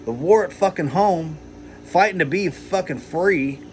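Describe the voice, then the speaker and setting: A man's voice: on the high side, unhurried, a little mellow. A man rambling heatedly in a personal vlog, swearing a lot and filling his talk with "like" and "you know". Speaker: vlogger.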